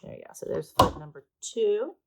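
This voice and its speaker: A woman's voice: mid-range voice, big pitch swings, normal speed, a bit bright, a little hiss or hum, low-quality recording. A woman teaching a paper craft step by step, chatty and a little self-mocking as she works. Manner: chatty and self-deprecating, talking while working. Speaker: art teacher.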